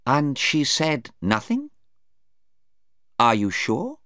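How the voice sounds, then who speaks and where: A man's voice: on the high side, huge pitch swings, slow, sharp tone, no room sound, clean studio sound, voice pushed up, exaggerated voice. A man reading aloud voices a probing male defence lawyer, pressing his questions home. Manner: pointed, insistent questioning. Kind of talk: read-aloud storybook dialogue.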